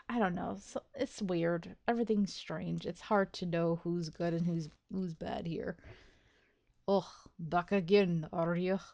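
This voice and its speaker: A woman's voice: lowish voice, fairly even intonation, a little slow, creaky. A woman hosting a let's play, chatting casually and self-deprecatingly about her schedule and the game, thinking aloud with many restarts and laughs. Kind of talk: casual gameplay commentary.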